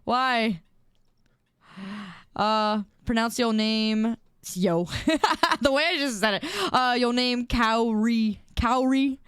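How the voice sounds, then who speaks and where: A woman's voice: fairly high pitch, slow pace, a bit bright, clear, resonant tone, no echo, studio quality. A young woman streamer in casual chat, reading viewer messages aloud and giggling often.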